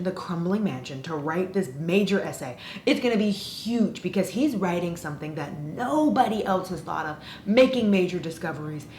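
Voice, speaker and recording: A woman's voice: medium pitch, darkish tone. A woman casually ranting in a book review, sarcastic and exasperated. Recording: roomy echo with faint noise.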